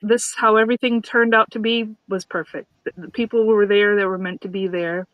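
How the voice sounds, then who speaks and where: A woman's voice: medium pitch, steady tone, brisk, no room sound, muffled recording. A woman guest chatting casually and nervously, often repeating and restarting her words. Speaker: guest, newlywed bride. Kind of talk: casual chat.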